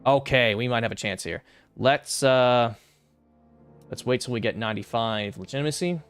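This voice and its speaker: A man's voice: medium pitch, normal speed, clear, resonant tone, no echo, soft background music. A young man streaming a strategy game, casually thinking aloud through his moves and muttering calculations, now and then flaring into exasperated rants. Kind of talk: casual gameplay commentary.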